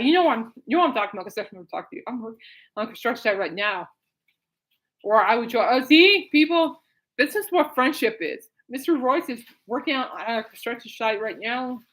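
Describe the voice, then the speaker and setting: Woman, podcast host, casual live-stream chat, rambling, giggly, fairly high voice. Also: a bit bright, poor audio. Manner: rambling, giggly, laughs often.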